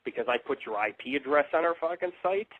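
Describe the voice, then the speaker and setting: This internet radio host talks fast, with a voice on the high side and lively intonation. His live monologue is rambling, profane and combative, and it comes through as tinny, dry, phone-like audio.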